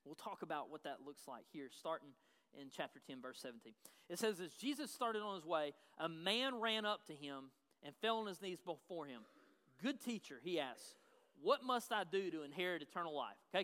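A man's voice: high voice, animated, a little fast, bright, forceful tone. A man preaching a sermon as pastor, emphatic and repeating his key phrases. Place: church sanctuary. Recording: long reverb of a large hall.

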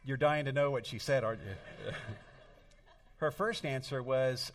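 A man's voice: medium pitch, a little slow, recorded from a distance. A middle-aged man preaching a sermon as pastor, earnest and storytelling, leaning on emphatic words.

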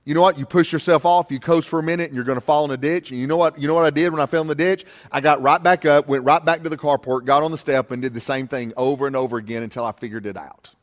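A man preaching a sermon as a pastor, telling a story and repeating words as he starts sentences, slowing down when he reads scripture. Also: on the high side, fairly even intonation, long reverb tail. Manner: slows down and rises when reading scripture.

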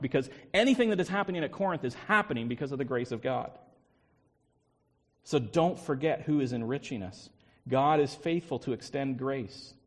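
Man preaching in a reverberant hall. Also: medium pitch. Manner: emphatic preaching with rhetorical questions. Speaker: pastor. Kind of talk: sermon.

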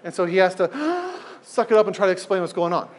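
A man leading an informal group talk, animated and emphatic, often repeating phrases for effect. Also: high voice, very fast.

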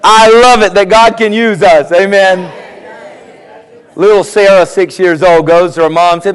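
A man's voice: high voice, fairly even intonation, measured pace, clean tone. A man preaching a sermon, telling folksy jokes and acting out the voices in them. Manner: folksy storytelling, acts out voices in his jokes. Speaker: pastor. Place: church sanctuary. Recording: long hall reverb.

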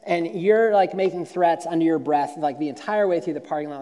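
A man's voice: on the high side, fairly quick, few pauses, warm tone. A man preaching a conversational sermon as pastor, telling stories and often repeating and restarting words. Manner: storytelling, frequent word repeats and restarts. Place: church auditorium. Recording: long reverb of a large hall.

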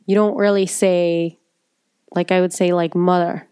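A woman with a suburban Chicago accent, co-hosting a chatty podcast, speaking with crisp, precise enunciation and expressive inflection. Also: lowish voice, measured pace, no echo, clean studio sound. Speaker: podcast co-host. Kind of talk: casual chat.

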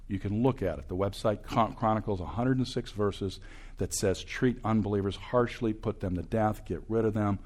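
Emphatic older man preaching, deep voice. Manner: emphatic, swings from loud bursts to hushed asides. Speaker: campus ministry speaker. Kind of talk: preaching talk to an audience.

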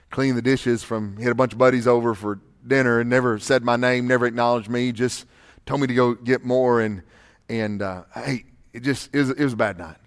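A man's voice: medium pitch, clean tone, lightly acted. A man voicing a weary downtrodden housewife. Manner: quiet, hesitant, faltering. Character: downtrodden ancient wife, weary and subdued. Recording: long hall reverb.

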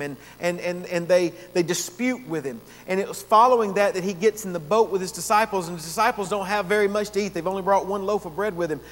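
A man with a high voice preaches an earnest expository sermon and slows down to lean on the words that matter. His voice rings with a long reverb, as in a church sanctuary. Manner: earnest preaching, slowing down to stress key words. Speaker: pastor.

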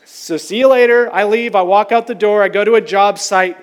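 Male pastor, candid storytelling sermon, high register, long church-hall reverb. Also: fairly quick, clean tone. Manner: candid, conversational, self-deprecating.

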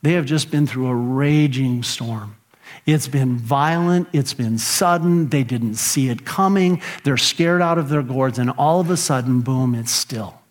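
A middle-aged man preaching a sermon as pastor, animated and earnest, acting out his own prayers and grumbling. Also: mid-range voice.

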